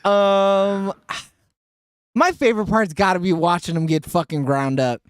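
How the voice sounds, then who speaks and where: A man with a high, light voice hosts a loose movie review chat, laughing a lot and cursing freely. His voice sits close and dry, with no room sound around it. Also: unhurried, smooth, dry recording. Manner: laughs often, swears freely. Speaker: podcast host asking the review questions.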